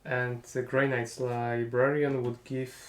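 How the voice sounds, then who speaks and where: Male co-host, casual game talk, mid-pitched and agreeable, echoey room. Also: little pitch movement, takes it slowly, a little hiss or hum. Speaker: tabletop game co-commentator. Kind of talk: casual post-game discussion.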